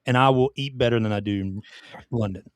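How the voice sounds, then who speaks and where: A man's voice: mid-range voice, brisk, clean tone, no room sound, clean studio sound. A man co-hosting a podcast, ranting in casual chat with swearing and restarts. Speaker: podcast co-host.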